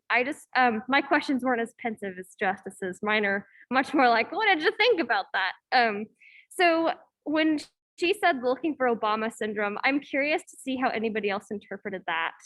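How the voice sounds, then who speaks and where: Speaking from an echoey room in a campus hall, a young woman student leads her class's discussion over video call. Her voice is fairly high with a fairly bright tone, and she comes across as hesitant, with frequent "um"s and "like"s.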